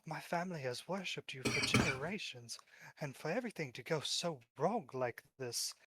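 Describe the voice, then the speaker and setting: A man voicing a devout noblewoman who speaks softly and imploringly. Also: a little high, animated, moderate pace, heavy background noise, close to an everyday voice. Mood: pleading.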